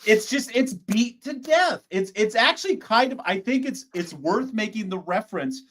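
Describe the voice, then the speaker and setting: A man co-hosting a fan podcast, chatting casually in a drawn-out, emphatic way. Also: sits high, lively intonation, fairly bright tone. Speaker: podcast co-host. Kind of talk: casual chat.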